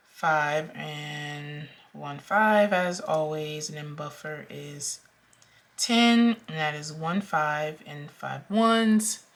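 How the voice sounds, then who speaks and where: Slow, low-voiced young woman vlogger. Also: a bit bright. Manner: slow, chatty, with frequent ums and counting aloud. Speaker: budgeting vlogger. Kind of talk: casual talk-through while cash stuffing.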